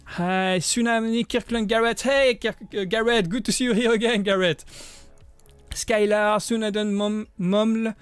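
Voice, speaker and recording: A man in his thirties with a French accent, hosting a livestream and chatting casually with viewers, friendly and upbeat, halting with many restarts and repeated words. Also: sits high, steady tone, clean tone, no echo, faint music behind. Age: 30s. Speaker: livestream host.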